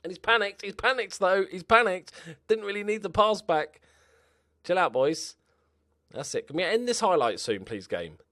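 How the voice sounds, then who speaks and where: A man's voice: sits high, animated, normal speed, no echo, studio quality. Chatty man commentating a football game. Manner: chatty, reacts loudly to match events, laughs at own jokes. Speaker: gaming YouTuber.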